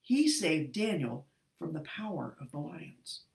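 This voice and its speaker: A woman's voice: low voice, big pitch swings, unhurried, gravelly, a little mellow, echoey room, heavily acted. A woman reading as a troubled ancient king. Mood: proclaiming. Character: anxious ancient king, later solemn and regal.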